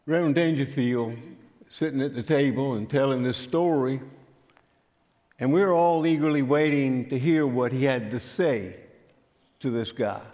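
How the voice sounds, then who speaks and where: An older man, telling a story in a sermon in a folksy, unhurried way. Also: medium pitch, a little mellow. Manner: folksy, unhurried, frequent fillers. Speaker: pastor. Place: church sanctuary. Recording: church hall with long reverb.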